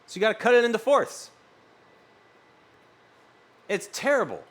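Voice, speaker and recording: A man chats with his live-stream audience in a loose, rambling way, swearing freely. His voice sits a bit high and swings widely, jumping up for excited reactions. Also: measured pace. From US West Coast. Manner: animated, swearing, rambling storytelling. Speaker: streamer reading chat. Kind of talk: casual live-stream chat.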